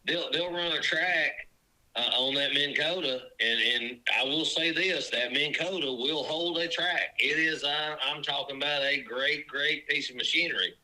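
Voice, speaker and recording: Guy guide on a podcast, really bright voice, acts out the stories. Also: fairly high pitch, moderate pace, poor audio. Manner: animated storyteller, acts out lake encounters. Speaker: fishing guide. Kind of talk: casual podcast chat.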